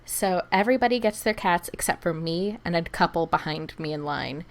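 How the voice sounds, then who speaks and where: A woman co-hosting a podcast, telling an animated story in casual chat, acting out the people she quotes and laughing often. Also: fairly low pitch, fairly quick. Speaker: podcast co-host.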